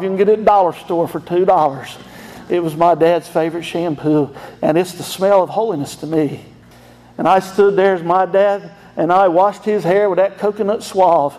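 A man's voice: high-pitched, darkish tone. A middle-aged man, a pastor telling an emotional family story in a folksy sermon.

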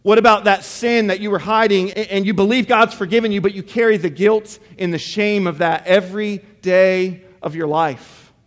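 A man's voice: high voice, steady tone, moderate pace, hardly any pauses. A man preaching a sermon as pastor, reading scripture dramatically and pressing the congregation with rhetorical questions. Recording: long hall reverb.

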